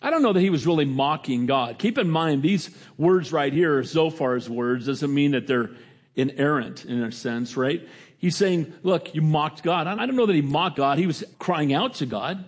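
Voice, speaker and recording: A middle-aged man preaching a sermon as pastor, his voice jumping up in pitch for emphasis and then dropping to a quiet, low tone. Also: lively intonation, moderate pace. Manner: preaching with sudden pitch jumps and quiet drops.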